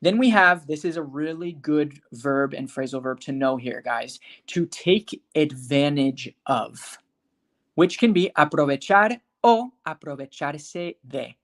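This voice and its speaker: Slow, careful online English teacher. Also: medium pitch. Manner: slow, careful enunciation of example words; addresses students by name, checks understanding often. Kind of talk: live online language class.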